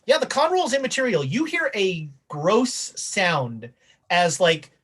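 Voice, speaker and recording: A woman's voice: mid-range voice, big pitch swings, measured pace, a little hiss or hum, low-quality recording. A woman narrating as game master in a loose, chatty way with many fillers.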